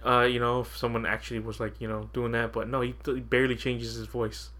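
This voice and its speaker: A man's voice: mid-range voice, little pitch movement, fairly quick, pushed and bright. A man co-hosting a podcast in casual chat, rambling and laughing often as he quotes his own reactions. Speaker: podcast co-host.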